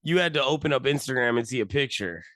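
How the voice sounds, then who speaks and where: A man co-hosting a casual podcast chat, joking with quick reactions and telling a story. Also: mid-range voice, animated, fairly bright tone, dry recording. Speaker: podcast co-host.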